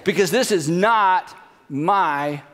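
A man's voice: high voice, takes it slowly, fairly bright tone, long reverb tail. A man voicing the first man as a defensive adult who shifts the blame onto others. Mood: indignant. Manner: indignant, self-justifying.

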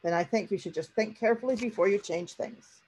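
A woman reading a story aloud to a class, voicing a defensive, hurt husband in her own husky voice. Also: medium pitch, brisk, a little mellow, natural voice, rough recording.

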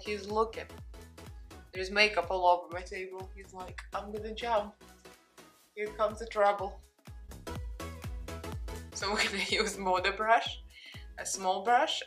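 A woman's voice: medium pitch, fairly bright tone. A young adult woman with a Russian accent, chatting casually through a makeup tutorial and talking to her cat along the way. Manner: chatty, talks to her cat between steps. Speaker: beauty vlogger.

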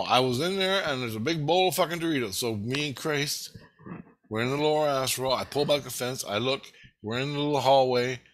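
A man casually telling a rambling, excitable story, swearing freely. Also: mid-range voice, low-quality recording.

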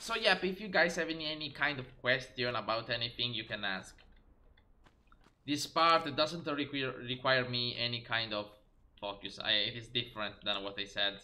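Bright-voiced male game streamer. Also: medium pitch, moderate pace, slight background noise. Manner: chatty, exclaiming at the game, talking to chat. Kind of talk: live game stream commentary.

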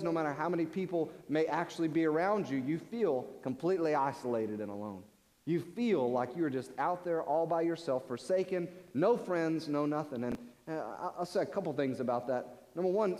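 A man's voice: fairly high pitch, a little mellow. A man preaching a sermon in earnest, often repeating words as he presses a point. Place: large church sanctuary. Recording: long church-hall reverb.

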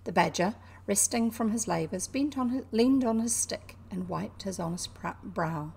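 A woman from New Zealand with a New Zealand accent, reading a classic children's novel aloud in an unhurried, expressive way. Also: mid-range voice, creaky, slightly rough. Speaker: reader.

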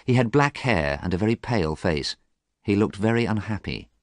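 A man reading a story aloud clearly and expressively for English learners. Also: on the low side, expressive, normal speed, no room sound, clean studio sound.

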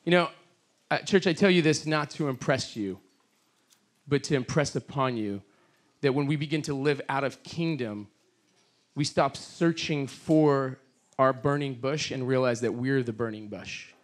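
In an unhurried, medium-pitched voice, a middle-aged guest speaker shares a story with quoted voices during a sermon. He then moves into an earnest, fervent prayer.

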